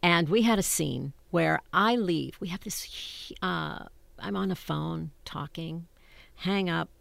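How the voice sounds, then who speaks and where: An older woman, a stage actress, telling funny backstage stories in an animated, laughing way that keeps interrupting itself. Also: fairly low pitch, takes it slowly, creaky, dry recording. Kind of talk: anecdotal storytelling.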